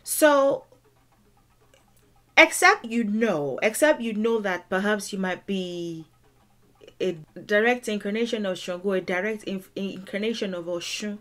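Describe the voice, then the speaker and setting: A woman teaching a language lesson, explaining song lyrics in a deliberate, emphatic way and repeating words for stress. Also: medium pitch, fairly bright tone.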